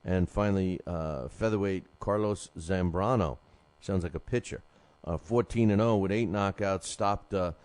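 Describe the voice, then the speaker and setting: A man's voice: deep voice, normal speed, a little mellow, no room sound. A man hosting a boxing show, rambling through results with many fillers, his throat sore from a cough drop. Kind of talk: casual live show chat.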